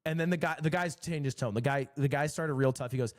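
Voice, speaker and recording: A man streaming, telling a story in a casual, animated and exasperated way. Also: on the high side, quick pace.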